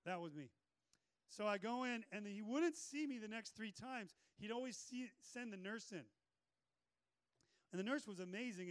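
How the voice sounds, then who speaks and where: Male preacher, storytelling sermon with loud exhortations, close dry mic. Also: high voice, clean tone, no room sound.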